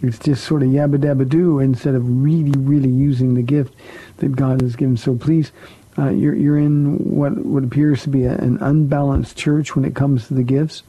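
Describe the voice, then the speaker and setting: A man's voice: medium pitch, flat delivery, moderate pace, dark tone, breathy edge, poor audio. A man, a pastor, hosting a radio call-in show and answering Bible questions in a conversational way, often repeating words for emphasis.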